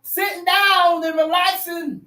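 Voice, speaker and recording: A woman preaching a sermon with a fiery, shouting, dramatic delivery. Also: very high-pitched, steady tone, a little slow. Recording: echoey room from a distant mic.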